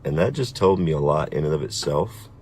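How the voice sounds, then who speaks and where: A middle-aged man speaking in a measured, deliberate, firm way in a personal video message. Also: very deep voice, lively intonation, darkish tone, a little hiss or hum. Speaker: vlogger.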